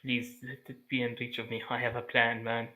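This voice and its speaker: A man's voice: mid-range voice, completely flat delivery, fairly quick, bright, forceful tone, low-quality recording. A man playing a tabletop game, protesting in exasperation and swearing at the other players.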